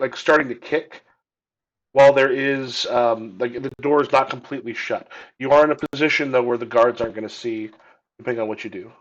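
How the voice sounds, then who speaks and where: A man's voice: mid-range voice, brisk. A man running a tabletop game as game master, narrating with lots of fillers and hesitations. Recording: dull lo-fi audio.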